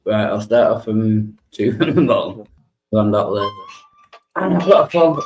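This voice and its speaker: A man's voice: fairly low pitch, lively intonation, normal speed, gravelly, a little mellow, slight background noise. A man co-hosting a livestream in casual chat, laughing often, mocking himself and swearing. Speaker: livestream co-host.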